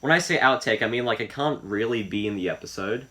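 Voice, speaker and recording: A man's voice: on the low side, animated, quick pace, sharp tone. A man co-hosting a casual podcast, rambling through his thoughts with lots of fillers and restarts. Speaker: podcast co-host. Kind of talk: casual chat.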